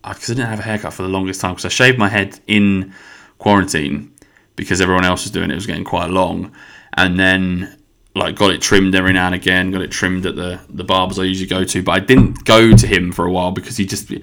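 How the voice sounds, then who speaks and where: Deep-voiced young podcaster, rambling. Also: male voice, little pitch movement, fast talker, a bit bright. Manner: rambling, swears freely. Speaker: podcast host. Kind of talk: casual solo podcast monologue. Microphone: podcast microphone.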